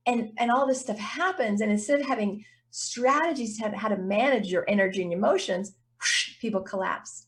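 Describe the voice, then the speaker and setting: A woman's voice: mid-range voice, moderate pace, few pauses. A woman business coach as an interview guest, talking casually and animatedly and acting out little voices and reactions.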